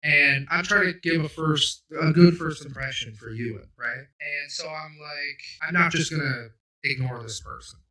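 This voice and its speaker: Bright-voiced man telling stories. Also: fairly high pitch, moderate pace. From Cape Breton, Canada. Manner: rambling, self-mocking storyteller with frequent fillers. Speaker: podcast host. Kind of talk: casual storytelling chat. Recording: roomy sound, mic at a distance.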